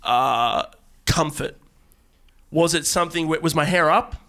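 A man with a slightly raised voice co-hosts a comedy podcast, bantering in a mock-serious, teasing way. He rambles and restarts his sentences and keeps up a dry, joking tone. He sounds close and clear on a studio podcast mic. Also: on the high side, measured pace, sharp tone. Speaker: podcast co-host.

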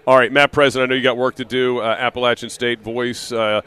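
A man hosting live sports talk radio, broadcasting from an arena. His pitch sits in the ordinary middle range for a man. He chats loosely, circling back on himself with "uh" and "you know.". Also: flat delivery, quick pace, sharp tone, clear, resonant tone. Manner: conversational, rambling with fillers and restarts.

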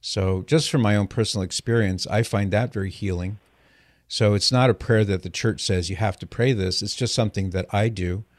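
Radio host guy with a lowish voice, patient and earnest, dry close mic. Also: a little fast, no room sound. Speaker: radio call-in show host. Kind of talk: call-in radio talk.

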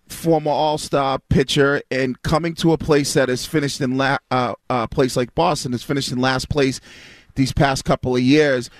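A man's voice: medium pitch, dry recording. A man hosting an interview, asking long, winding questions. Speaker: host.

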